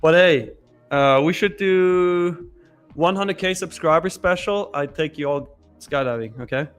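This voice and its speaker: A man's voice: fairly high pitch, measured pace, clear, resonant tone, soft background music. A man co-hosting a live trading show, talking loosely, laughing and trailing off mid-sentence. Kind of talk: casual live-stream chat.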